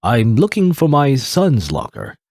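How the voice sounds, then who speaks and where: Sad middle-aged father in a game, voiced low by a man, husky and slow. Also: sing-song, darkish tone, soft background music, full character voice. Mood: grieving. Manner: low, slow, strained delivery.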